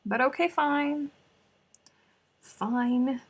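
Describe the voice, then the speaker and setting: A woman's voice: medium pitch, a little slow, pauses often, fairly bright tone. A woman hosting a crochet live stream, chatting casually and muttering to herself as she hunts for her notes. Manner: chatty, scatterbrained, talks to herself. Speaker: crochet livestream host.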